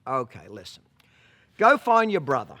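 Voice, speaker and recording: A man's voice: on the high side, very animated, moderate pace, sharp tone. Man doing a blunt, dry father. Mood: deadpan. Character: blunt no-nonsense middle-aged father.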